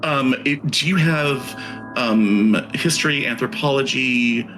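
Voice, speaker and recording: A man's voice: mid-range voice, takes it slowly, music in the background, poor audio. Hesitant male game master. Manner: hesitant, searching for words with many fillers. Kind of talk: narrating a tabletop horror game.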